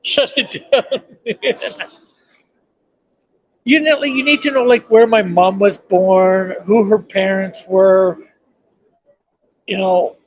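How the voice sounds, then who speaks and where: A chatty man in his fifties with a high-pitched voice. He talks loosely and laughs a lot. The recording sounds dull and lo-fi. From Canada. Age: 50s. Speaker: streamer. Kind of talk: casual live-stream chat. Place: indoor bus station waiting area.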